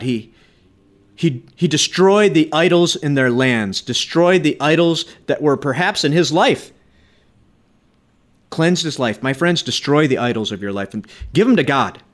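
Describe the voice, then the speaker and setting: Lively man preaching a radio sermon. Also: fairly high pitch. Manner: lively, animated storytelling with laughs.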